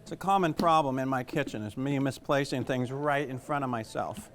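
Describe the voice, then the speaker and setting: The recording is very noisy as a middle-aged man with a Southern US accent, speaking fairly quickly in a medium pitch, runs through a casual cooking demo. This chef chats, rambles, and jokes about himself.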